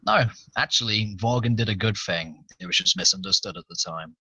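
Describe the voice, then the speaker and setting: A man playing a tabletop game, speaking as a gruff commanding sergeant. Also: fairly low pitch, a little fast, sharp tone, no echo, low-quality recording. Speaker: player. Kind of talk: in-character tabletop play.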